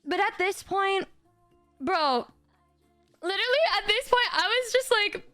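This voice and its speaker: A young woman streaming to her chat tells a story in a very high, bright voice. She talks in a loose, animated way, swears often and laughs along. The mic is close and dry, with soft music in the background. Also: unhurried, no room sound. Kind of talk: casual storytelling to a live chat.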